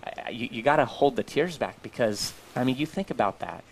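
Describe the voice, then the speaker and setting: A man's voice: medium pitch, expressive, a little fast, gravelly, slight background noise. Earnest male talk-show co-host. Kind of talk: casual talk-show chat.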